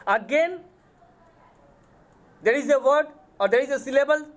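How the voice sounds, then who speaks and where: A man with an Indian accent, a college English lecturer giving a lecture, speaking deliberately, repeating terms and spelling words out letter by letter. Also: very high-pitched, expressive. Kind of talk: classroom lecture on poetic meter.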